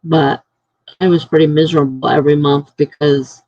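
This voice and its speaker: A woman's voice: low voice, fairly even intonation, normal speed, mellow, no echo, dull audio. A middle-aged woman live streaming from home, chatting casually and telling stories, acting out what other people said. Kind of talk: casual chat.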